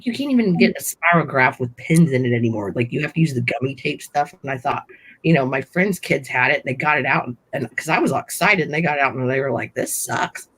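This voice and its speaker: A woman guest on a live stream chats in a lively way, tossing in quick asides. Her pitch swings animatedly and her voice carries some husk. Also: breathy edge, rough recording. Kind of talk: casual chat.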